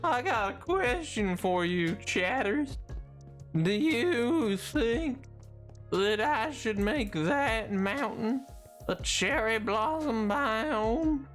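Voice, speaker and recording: Woman as a downcast, broke cowboy, slow mournful drawl, lively pitch, faint music behind. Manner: slow, drawn-out, mournful talk. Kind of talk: live-stream character voice. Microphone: closer to the mic than usual.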